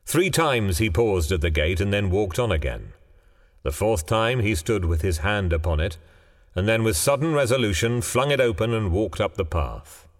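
Deep-voiced man telling a ghost story. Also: lively intonation. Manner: measured, dramatic storytelling. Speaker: narrator. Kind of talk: scripted ghost story narration. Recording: long hall reverb, faint music.

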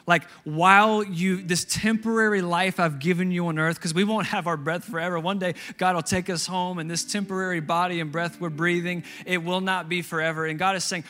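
A man's voice: sits high, steady tone, moderate pace, a bit bright, soft background music. A man pastor preaching a sermon, emphatic and repeating key phrases for stress.

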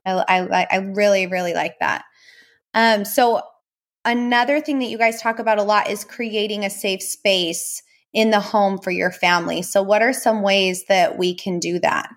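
A woman, a mother hosting a podcast, speaking in a warm, conversational way. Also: medium pitch, fairly even intonation, normal speed. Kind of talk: casual podcast interview.

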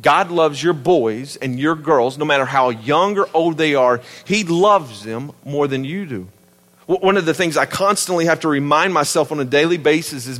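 A man in his thirties with a Southern US accent, preaching a sermon in an animated, emphatic and conversational way. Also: fairly high pitch, normal speed, big-room sound. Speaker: pastor.

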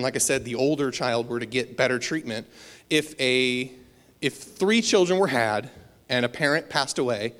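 Guy preaching a chatty sermon, mid-pitch voice, long echo in a big hall. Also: a bit bright. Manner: casual, self-deprecating storytelling with fillers.

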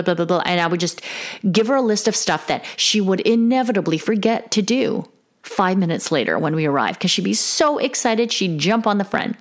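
Woman, middle-aged, confessional monologue, earnest, emotional, slightly low voice. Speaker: parenting podcaster.

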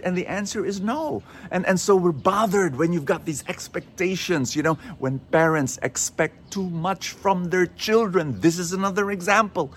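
A man with a Filipino accent hosting an inspirational radio show, telling stories in a lively, preaching way and quoting people in changing voices. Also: medium pitch, a little hiss or hum. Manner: animated storyteller, quotes others in shifting voices. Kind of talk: inspirational sermon talk.

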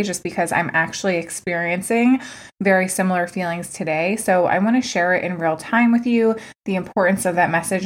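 A woman hosting her own podcast as a coach, talking casually and candidly, with lots of "like" fillers and some swearing. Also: lowish voice. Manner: candid, chatty, swears freely, many "like" fillers. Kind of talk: casual solo podcast talk.

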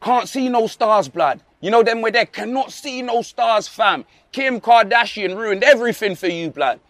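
A man's voice: high voice, animated, normal speed, fairly bright tone, no room sound. A young man delivering a mocking comic rant full of street slang. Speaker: comedic fan ranting.

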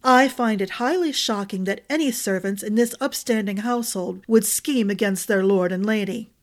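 Woman reading as a stern, pompous magistrate; slow, weighty, judgmental. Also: medium pitch, lightly acted.

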